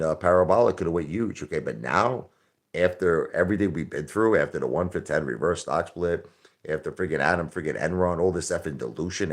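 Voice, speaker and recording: A man hosting a casual live stream, talking in a brash, combative rant. His voice sits very low. He hammers his points by repeating them.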